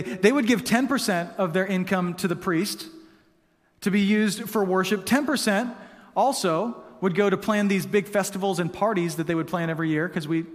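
High-voiced pastor preaching in a hall. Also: male voice. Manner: conversational, self-correcting, casual asides. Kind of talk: sermon. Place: church hall. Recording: long hall reverb.

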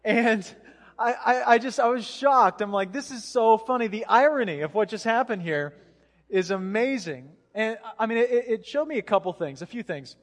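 High-voiced pastor in a reverberant hall. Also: male voice, normal speed. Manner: casual, animated storyteller acting out voices. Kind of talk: sermon with storytelling. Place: church sanctuary.

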